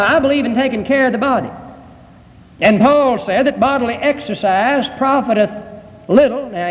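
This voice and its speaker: A male preacher giving a sermon, slow and emphatic, with many rhetorical questions. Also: very high voice, long reverb tail, lo-fi sound.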